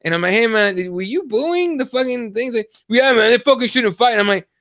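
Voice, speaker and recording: Brief: young man, high pitched, animated and foul-mouthed podcast co-host, dry close sound. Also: fairly quick, no room sound. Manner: profane, animated storytelling. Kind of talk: casual chat.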